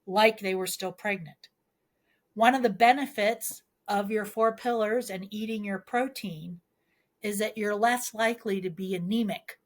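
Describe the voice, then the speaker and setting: A woman midwife talking in a podcast interview, explaining earnestly with homely analogies and pleading advice. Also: mid-range voice.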